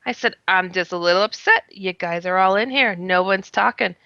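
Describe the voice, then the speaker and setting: Give me a woman with a bright, forceful voice recounting a strange encounter in lively, expressive bursts, laughing now and then and putting on her own quoted words. The sound is a bit muffled and lo-fi, with a dry, close feel and no room around it. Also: mid-range voice, moderate pace, gravelly, dry recording. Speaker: guest. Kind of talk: animated first-person storytelling.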